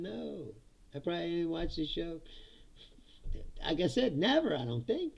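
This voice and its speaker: A man's voice: a little high, very animated, moderate pace, vocal fry, pauses often, a little mellow, highs cut off. A middle-aged man hosting his own live stream, chatting casually in a rambling way, laughing often and swearing freely. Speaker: host.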